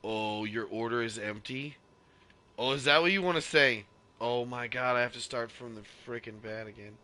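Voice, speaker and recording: A man streaming a game and chatting casually, ranting loudly with profane jokes. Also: medium pitch, normal speed. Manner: loud, ranting, profane joking. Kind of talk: casual gaming stream chat.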